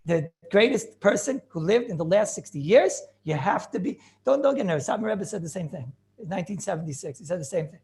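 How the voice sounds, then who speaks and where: A man teaching a class as a rabbi, lecturing in a lively yeshiva style, repeating phrases and throwing out rhetorical questions. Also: sits high.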